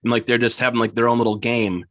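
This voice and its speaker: A man's voice: mid-range voice, little pitch movement, fast, fairly bright tone, no echo, clean studio sound. A man guest on a podcast, rambling casually about a movie, filling nearly every phrase with "like" and laughing easily. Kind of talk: casual chat.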